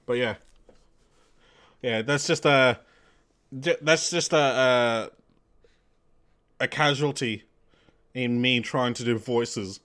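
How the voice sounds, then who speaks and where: A man's voice: mid-range voice, slow pace, pauses often, fairly bright tone. A young adult man chatting casually while streaming a game, rambling and correcting himself with lots of fillers. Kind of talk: casual let's-play chat.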